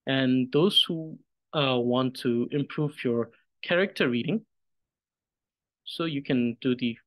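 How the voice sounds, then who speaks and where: A man teaching a reading lesson, patient and measured, demonstrating pronunciation slowly syllable by syllable. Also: medium pitch, no echo. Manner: careful, measured, pauses after each syllable when demonstrating. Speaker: Tibetan language teacher.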